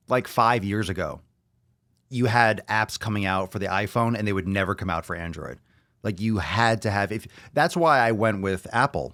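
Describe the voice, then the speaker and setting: A lower-pitched man holds forth on his own podcast, rambling loosely with lots of swearing and jokes. The sound is dry and close, with no room around the voice. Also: a bit bright, dry recording. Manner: loose, profane, joking, puts on silly voices. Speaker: podcast host. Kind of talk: casual solo podcast rant.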